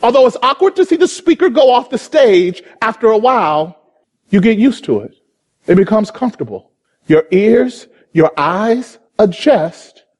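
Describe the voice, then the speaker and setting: A man preaching a sermon in a California church, passionate and repetitive, swinging between rapid bursts and slow, drawn-out phrases. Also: high-pitched, darkish tone, breathy edge. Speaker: pastor.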